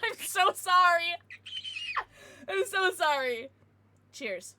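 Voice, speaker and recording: Brief: young female livestreamer, giggly and chatty with her viewers, high and animated. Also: slow. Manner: giggly, chatty, talking to chat. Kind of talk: casual livestream chat.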